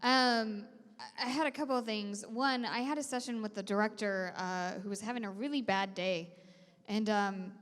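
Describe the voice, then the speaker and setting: A woman's voice: mid-range voice, fairly even intonation, moderate pace, fairly bright tone. A woman who is a voice actress, chatting on a convention panel in a giggly, chatty way with many ums. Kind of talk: casual convention panel chat. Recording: echoey convention hall.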